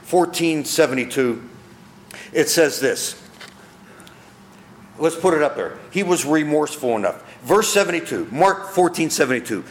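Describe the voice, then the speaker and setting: Pastor guy giving a sermon, kinda high voice, roomy church echo. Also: lively intonation, normal speed, long pauses, a little hiss or hum. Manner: earnest, asks the congregation questions, repeats phrases.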